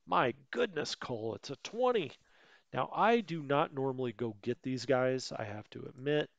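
A man's voice: mid-range voice, expressive, normal speed, creaky, no echo, lo-fi sound. Guy rambling thru a strategy game, chatty asides, dry close sound. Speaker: let's play host. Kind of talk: casual gameplay commentary.

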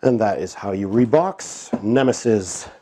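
Man with a cold, nasal voice, slow relaxed unboxing chat, lowish mellow tone. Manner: relaxed, chuckling, lots of fillers. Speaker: board game unboxing host. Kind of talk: casual unboxing commentary.

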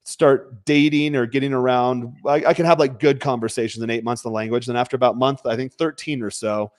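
A man's voice: medium pitch, steady tone, brisk, no room sound, clean studio sound. Blunt, emphatic man in casual chat. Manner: blunt, emphatic, drops the odd swear word. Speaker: podcast host. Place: home.

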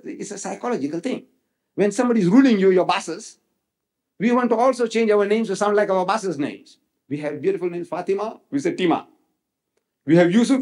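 Older male lecturer, lively, high-leaning voice, rhetorical. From South Africa. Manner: animated, rhetorical, quotes others in acted voices. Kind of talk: public religious lecture. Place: lecture hall.

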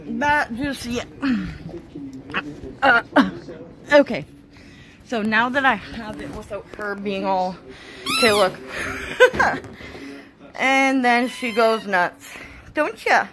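A young woman films her dog at home, cooing at it in a sing-song pet voice and laughing often. Her fairly high voice moves slowly with frequent pauses, and there's background noise indoors.

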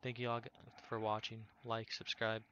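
Young man, gaming commentary, rambling, lots of fillers, upbeat, bright, slightly low voice, dull lo-fi audio. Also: completely flat delivery, normal speed, slight background noise. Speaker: gaming YouTuber. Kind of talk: casual gameplay commentary.

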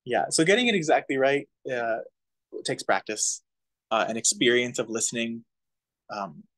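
Relaxed man teaching a casual language class. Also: medium pitch, moderate pace. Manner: relaxed, chuckling, many fillers, demonstrates pronunciation.

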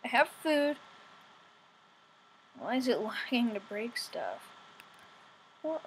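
Excitable high-voiced young woman gaming. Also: takes it slowly, background noise. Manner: excitable, rambling, whiny. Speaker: gamer. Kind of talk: let's play commentary. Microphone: poor home recording setup.

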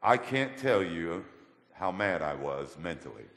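A man telling his testimony as a guest in a church, colloquial and animated. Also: low-pitched, a little slow. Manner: animated, colloquial, acts out voices in his stories. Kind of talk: storytelling testimony. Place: church hall. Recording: echoey church hall with long reverb.

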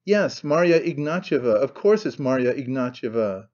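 A man's voice: medium pitch, expressive, moderate pace, darkish tone, highs cut off, close to an everyday voice. A man voicing a desperate young husband who makes curt, urgent demands.

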